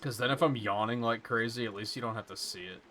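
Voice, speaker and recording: A man's voice: medium pitch, quick pace, pushed and bright, faint music behind. A man streaming a video game live, rambling casually and thinking aloud as he plays. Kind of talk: casual live gameplay commentary.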